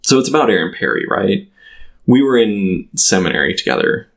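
A man in his thirties telling a personal story as a guest in a casual chat, halting and full of "like" fillers and restarts. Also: on the low side, very animated, creaky, a bit bright. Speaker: podcast guest.

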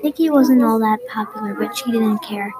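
A woman's voice: fairly high pitch, normal speed, low-quality recording. Female storyteller with crowd chatter behind. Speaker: podcast host reading her own story. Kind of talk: storybook narration.

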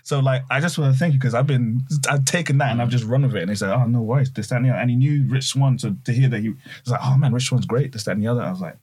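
A young man from London with a British accent, excitedly telling a story in a casual group chat, full of "I was like". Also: medium pitch, racing, few pauses, slightly rough.

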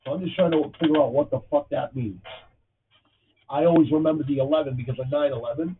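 A man in his fifties with a thick Boston accent talks bluntly and profanely, rambling from one thing to the next. His voice is gravelly, and it comes through a tinny, phone-like line from some distance off, with a faint hiss underneath. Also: on the high side, fast talker. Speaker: podcast host. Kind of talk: casual livestream chat.

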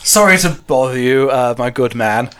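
A man's voice: mid-range voice, expressive, normal speed, fairly bright tone, slight background noise, close to an everyday voice. A man doing a stammering, posh British officer. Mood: flustered polite. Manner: stammering, apologetic, formal. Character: overly polite, posh British male officer.

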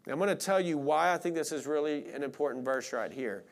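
A male pastor from with a drawl preaches in a relaxed, conversational way. He speaks bluntly and fills his sentences with "like". His voice sits a little higher than most men's. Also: fast. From Arkansas. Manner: casual, blunt, frequent "like" fillers. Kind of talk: conversational sermon.

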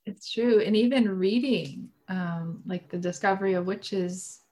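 A woman's voice: mid-range voice, measured pace, a little mellow. A woman in her thirties, a mom, chatting on a podcast in a reflective, musing way, often trailing off mid-thought. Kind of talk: casual chat.

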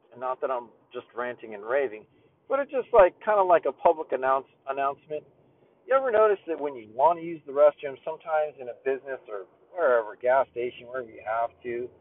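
A man hosting a podcast, telling a rambling, profane story in a casual monologue rant full of fillers. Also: medium pitch. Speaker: podcast host. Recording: tinny phone-like audio.

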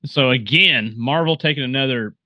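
A man's voice: medium pitch, normal speed, no room sound. Rambling man recapping a movie, dull recording. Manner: rambling, filler-heavy storytelling. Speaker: podcast host. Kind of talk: casual movie recap chat. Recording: dull, dry sound.

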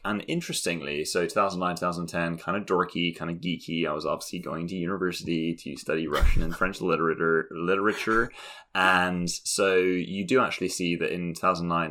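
Man, 30s, deep voice, podcast co-host, casual chat, dry wit. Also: sharp tone.

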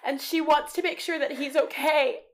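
A young woman on a film podcast, her voice a little higher than most. She talks with lively emotion, swears casually and often acts out lines from the film. The delivery is loose and conversational. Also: moderate pace. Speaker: podcast co-host.

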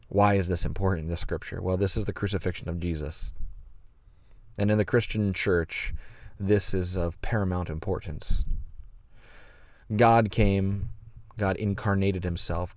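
A man with a fairly low voice hosts a reflective podcast, reading scripture aloud and then teaching from it. His delivery is earnest and measured, with dramatic emphasis on key phrases. The sound is dry and close to the mic. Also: no echo. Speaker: podcast host.

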